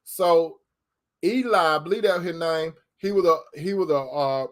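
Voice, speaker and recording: A man's voice: fairly high pitch, normal speed. A man preaching informally to online viewers, folksy and repetitive, speaking straight to his listeners. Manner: folksy, repeats phrases for emphasis, addresses listeners directly.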